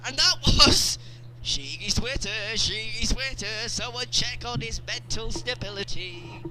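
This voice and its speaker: A man co-hosting a podcast, excitable and incredulous in casual comedy chat. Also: high voice, measured pace, a crowd in the background. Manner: excitable, reads out posts incredulously. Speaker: podcast co-host.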